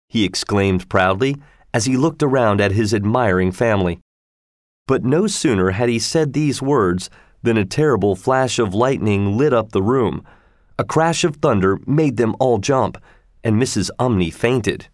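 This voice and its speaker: A man narrating a storybook in a measured, even reading voice. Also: lowish voice, no room sound, studio quality. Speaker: audiobook narrator.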